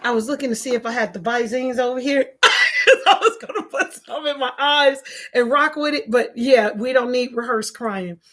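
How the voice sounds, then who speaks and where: A woman's voice: on the high side, moderate pace, fairly bright tone. A woman pastor chatting casually on a livestream, reading viewer comments aloud and laughing often in slangy everyday speech.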